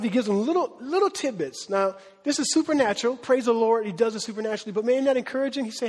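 A male preacher gives an animated, conversational sermon and laughs often. His voice sits high, and a long reverb fills the sanctuary. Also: fast talker.

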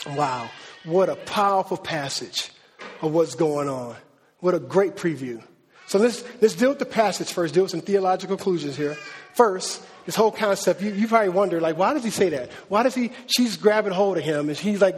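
A man preaching to his congregation, loose and conversational, tossing in slang as he walks through the scripture. His voice sits high and a little husky. The sound rings with the long reverb of a large hall. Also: expressive, moderate pace. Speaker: pastor. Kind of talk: sermon.

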